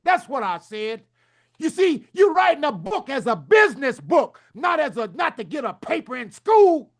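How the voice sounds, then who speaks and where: A middle-aged man, giving a loud, preacherly motivational talk at a summit. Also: very high voice, big pitch swings, normal speed. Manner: loud, preacherly, rousing with call-and-response asides. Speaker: summit speaker. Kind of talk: energetic motivational presentation.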